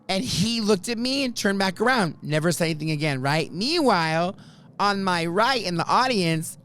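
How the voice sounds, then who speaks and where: A podcast host telling a story in casual chat, animated and swearing often, acting out what people said. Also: male voice, sits high, moderate pace, pauses often, clear, resonant tone.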